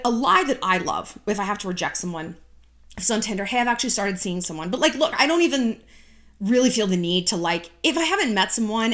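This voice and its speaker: Blunt, sarcastic woman giving dating advice. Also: a little high. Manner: blunt, sarcastic, profane, with animated mock voices. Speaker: YouTube dating advice host. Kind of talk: casual advice monologue to camera.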